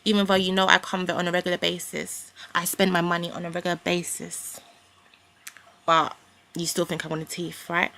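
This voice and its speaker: Ranting young woman with a gravelly voice. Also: on the low side, completely flat delivery, fairly quick, pushed and bright. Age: young adult. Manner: indignant, rambling, casual slang. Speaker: vlogger. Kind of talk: ranting to camera.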